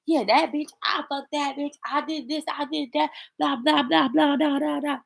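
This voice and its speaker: Boastful young man, loud phone brag, raised high pitch, brash, woman putting it on. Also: fairly even intonation, normal speed, gravelly.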